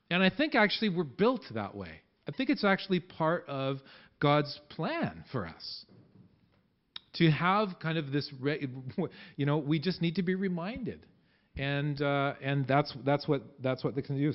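A pastor delivers a relaxed, conversational sermon to his church, frequently halting and starting his sentences over. His voice is a little high for a man, and the muffled, lo-fi recording sounds as if it were taped in the sanctuary.

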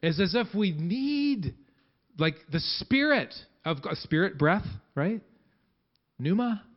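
A man gives a relaxed, conversational sermon to his church, restarting his sentences as he goes. His voice sits a little high for a man. The recording is muffled and lo-fi, as if taped in the sanctuary. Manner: conversational, halting with many restarts. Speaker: pastor.

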